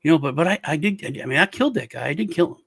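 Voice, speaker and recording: Gravelly deadpan man telling stories. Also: a little high, fast. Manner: deadpan storytelling, acts out callers' voices. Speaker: podcast co-host. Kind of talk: casual chat.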